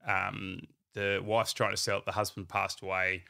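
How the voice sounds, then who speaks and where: A man, a company founder telling his story in a casual, animated way and acting out what people said to him. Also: low-pitched, moderate pace, vocal fry.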